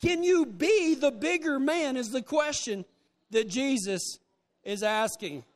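A man preaching a sermon to a congregation, telling folksy stories in an animated way. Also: very high voice, takes it slowly. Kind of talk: sermon with storytelling. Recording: long reverb of a large hall.

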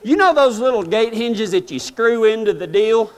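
A man's voice: sits high, normal speed, clear, resonant tone. A man telling a humorous, self-mocking story in folksy rural speech to a live audience. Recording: long hall reverb.

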